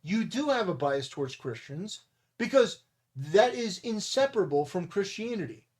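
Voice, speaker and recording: A man's voice: high-pitched, sing-song, moderate pace, darkish tone. A man hosting his own commentary channel, talking through an online argument in a blunt, combative way. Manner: blunt and combative, insulting and dismissive. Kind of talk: opinion commentary monologue.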